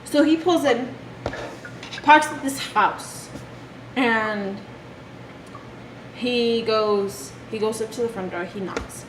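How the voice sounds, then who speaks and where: Young woman w/ a slightly high voice telling a hard childhood story, stops and restarts a lot, echoey noisy room. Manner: emotional, halting retelling with restarts. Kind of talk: personal storytelling vlog. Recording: echoey room with background noise.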